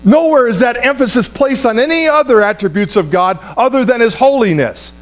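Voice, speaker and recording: High-voiced man preaching a sermon. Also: expressive, fairly quick. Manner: emphatic preaching with repeated phrases and congregation call-outs; restarts and stumbles over words. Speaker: pastor.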